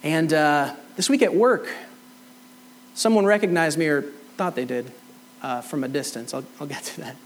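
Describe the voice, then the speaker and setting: A man's voice: fairly high pitch, normal speed, rough recording. A middle-aged man preaching a sermon, telling a personal story and acting out both sides of the conversation. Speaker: pastor. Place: church hall.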